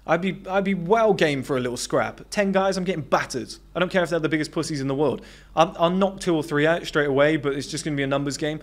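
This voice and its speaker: A self-improvement coach, a British man, gives an off-the-cuff motivational monologue, blunt and emphatic, swearing freely. His voice is on the high side, sitting a touch above the usual male range.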